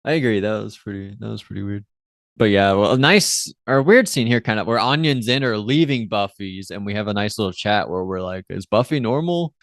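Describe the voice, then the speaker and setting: A man's voice: on the low side, brisk, dry recording, studio quality. Loose, rambling male podcast co-host. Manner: rambling, loose, with fillers and playful quoting of characters. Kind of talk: casual recap chat.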